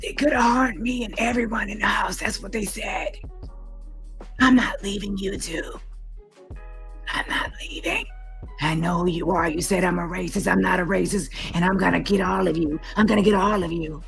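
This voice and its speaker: A woman mimicking a melodramatic, self-pitying woman, gasping and whisper-shouting in a mocking way. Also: medium pitch, steady tone, moderate pace, creaky, faint music behind, pitched below the performer's own voice, close to an everyday voice, poor audio. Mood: mocking frantic.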